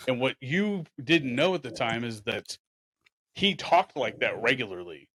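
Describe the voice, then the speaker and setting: A man's voice: mid-range voice, measured pace, dry recording. A man hosting a podcast, telling rambling hometown stories in a casual chat. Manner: rambling, animated storyteller with restarts. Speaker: podcast host.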